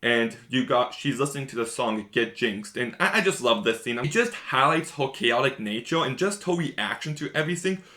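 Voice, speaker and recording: A man's voice: medium pitch, animated, normal speed, hardly any pauses, pushed and bright. A man giving a casual, rambling spoiler review of a show, enthusiastic and repeating himself often.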